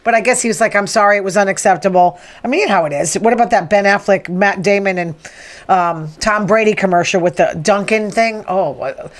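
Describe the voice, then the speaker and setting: A woman's voice: medium pitch, a little fast. A woman, hosting a rambling, opinionated casual monologue. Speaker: podcast host.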